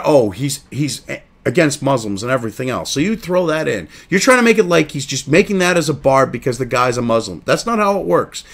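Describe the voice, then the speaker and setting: Guy ranting over news clips, swears a lot, voice swings way up and down, kinda high. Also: fairly bright tone. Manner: crude, profane, indignant; reads article excerpts then reacts. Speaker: commentary show host.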